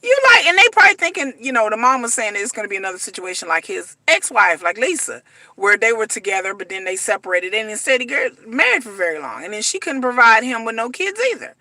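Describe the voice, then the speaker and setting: Bright-voiced woman ranting animatedly. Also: on the high side, fast talker, dry recording. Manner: animated, acts out the people she talks about. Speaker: reality TV commentator. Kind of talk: casual rant to viewers.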